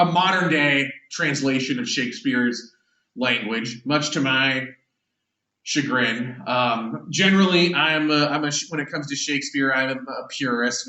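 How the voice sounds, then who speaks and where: A man's voice: medium pitch, pushed and bright, far from the mic. A male teacher giving an English class lecture, casual and conversational, with frequent fillers and restarts. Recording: echoey room, voice from off the mic.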